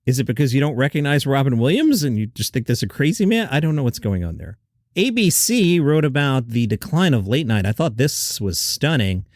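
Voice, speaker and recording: Male comedy-news host, sarcastic and incredulous, very animated pitch. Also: fairly quick, dry recording, studio quality.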